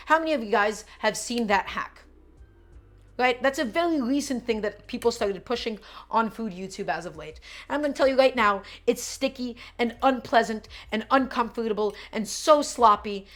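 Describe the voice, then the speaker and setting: A woman's voice: on the high side, a bit bright. Chatty woman hosting a cooking stream. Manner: chatty, talks to chat viewers, repeats instructions. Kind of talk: casual live cooking stream chat.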